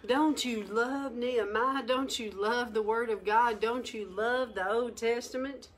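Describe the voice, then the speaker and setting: A woman leading a Bible study, exhorting her listeners emphatically with sharp rises in pitch. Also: a little slow, a little hiss or hum. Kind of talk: lively Bible teaching.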